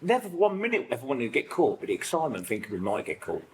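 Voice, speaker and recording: A middle-aged man with a British accent talks quickly and loosely, stacking fillers and acting out old conversations as he shares in a recovery group. His voice sits at an ordinary pitch for a man. A faint hiss of room noise runs under the recording. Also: poor audio. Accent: British English. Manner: rambling, animated storytelling full of fillers and acted-out quotes. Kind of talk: personal sharing in a support group.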